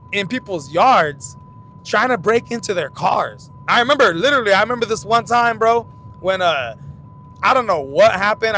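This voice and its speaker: Bright-voiced man rambling from his car. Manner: rambling storytelling, loose and profane, frequent restarts. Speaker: fight commentary channel host. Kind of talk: casual talk while driving. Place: in a car while driving. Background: vehicle rumble.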